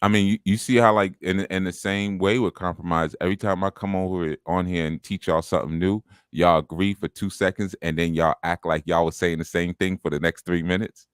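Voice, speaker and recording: A man's voice: sits low, fairly quick, few pauses, smooth, no echo, studio quality. A man co-hosting a casual online talk show, teasing and joking with his co-host. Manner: teasing, joking, animated laughing. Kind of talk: casual banter.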